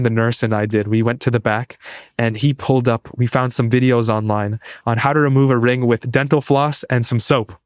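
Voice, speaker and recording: A man's voice: medium pitch, dry recording, studio quality. Earnest young man telling a story. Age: young adult. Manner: earnest, eager, restarts phrases. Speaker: guest, pre-med student. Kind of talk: casual interview storytelling.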